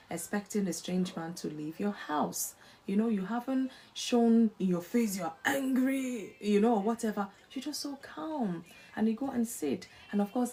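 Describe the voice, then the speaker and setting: A woman hosting a live devotional talk, telling a story with acted-out dialogue and quoting scripture. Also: mid-range voice. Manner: animated storyteller who acts out imagined dialogue; preacherly, quotes scripture. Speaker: host of a live faith talk show.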